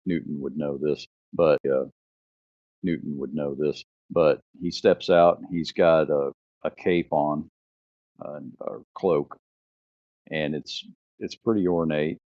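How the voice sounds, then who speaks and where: A man who is the game master, describing scenes in a laid-back, halting way and asking the players what they do. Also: rumbling low, no echo. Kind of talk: narrating a tabletop game. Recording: muffled lo-fi audio.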